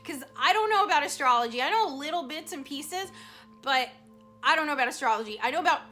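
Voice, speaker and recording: A woman casually telling a personal story to camera as a psychic vlogger, animated and emotional, with many fillers. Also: high voice, quick pace. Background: soft background music.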